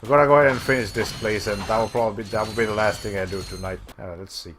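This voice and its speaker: Hoarse-voiced man streaming a game. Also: on the low side, fairly even intonation, racing, a bit bright, faint music behind. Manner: rambling, thinks aloud while playing, swears casually. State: losing his voice. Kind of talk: casual let's-play commentary.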